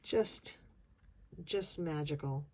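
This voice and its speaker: A woman chatting casually as a craft vlogger, gushing and excited, often gasping as she unboxes. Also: sits low, very slow.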